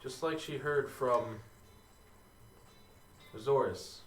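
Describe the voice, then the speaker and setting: Relaxed male game master, roomy sound. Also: mid-range voice, very slow, slight background noise. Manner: relaxed, many "uh" and "so" fillers. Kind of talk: narrating a tabletop game. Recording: roomy, distant mic, faint music.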